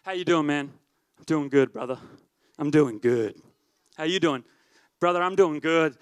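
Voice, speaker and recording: A man's voice: measured pace, clean tone, no room sound, clean studio sound, close to an everyday voice. A man putting on an odd accent to play an overly cheerful churchgoing man who insists he is doing fine. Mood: fake cheerful. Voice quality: odd put-on accent, booming. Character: relentlessly cheery churchgoing man, fake upbeat.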